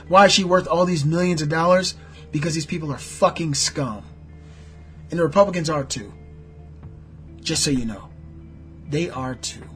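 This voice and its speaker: Man, American, middle-aged, angry political rant, sarcastic, swearing, higher-pitched, faint music behind. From United States. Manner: heated, profane, sarcastic ranting. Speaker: political commentator.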